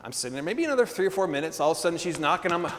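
A man preaching a sermon, telling a story with animated energy, laughing often and calling for responses from the congregation. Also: a little high, racing, slight background noise. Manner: laughs often between phrases. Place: church hall. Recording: long hall reverb.

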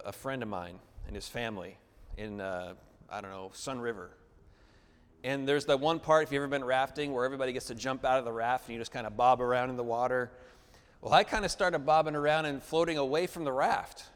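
A man's voice: mid-range voice, smooth. Man preaching with a long hall echo. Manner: call-and-response preaching, asks for amens. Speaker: pastor. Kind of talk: sermon. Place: church sanctuary. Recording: long reverb of a large church hall.

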